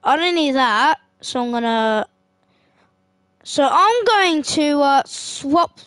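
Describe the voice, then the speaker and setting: Excitable woman gaming. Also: high-pitched, takes it slowly, dry recording. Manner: excitable, yelps and exclaims while playing. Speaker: gaming streamer. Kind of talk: casual gameplay commentary.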